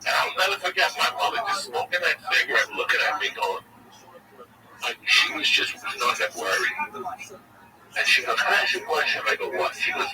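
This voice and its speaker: A man spins crude, profane childhood tales in a rambling comic voice that swoops wildly up and down in pitch. He sits back from the mic, and loud noise runs under everything. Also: huge pitch swings, moderate pace, distant mic.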